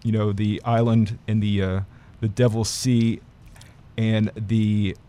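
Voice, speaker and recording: A man's voice: lowish voice, flat delivery, slow, dark tone. Guy critic rambling thru a movie review, lots of uhs. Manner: rambling, many fillers and restarts. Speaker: film critic. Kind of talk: casual film review chat.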